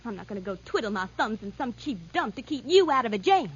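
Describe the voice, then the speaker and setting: A high, swooping voice of a brassy nightclub girl in an old radio drama. She talks coyly, then stammers breathlessly. The recording is dull and lo-fi. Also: sing-song, fast talker, slight background noise. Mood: defiant. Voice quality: breathless stammering when scared. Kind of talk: 1940s radio acting.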